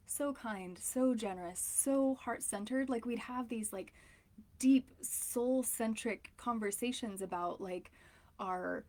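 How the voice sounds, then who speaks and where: A woman's voice: fairly high pitch, darkish tone. A woman in her thirties, a relationship coach, talking candidly and emotionally, rambling with frequent fillers. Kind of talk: casual personal talk to camera.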